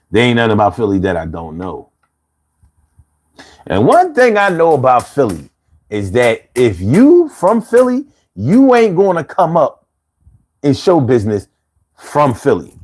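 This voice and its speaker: Animated streetwise Philly man. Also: mid-range voice. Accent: Philadelphia. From Philadelphia, USA. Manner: streetwise, laid-back, laughs often. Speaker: livestream host. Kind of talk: casual live chat reading comments.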